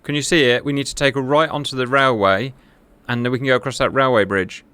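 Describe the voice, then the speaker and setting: A man's voice: mid-range voice, steady tone, fast talker, clean tone, no room sound. A man hosting a multiplayer flight-sim session, joking with his squad and making sarcastic asides to viewers. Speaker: host of a flight-sim gaming channel. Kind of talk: casual multiplayer gaming commentary. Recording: loud game engine and vehicle noise.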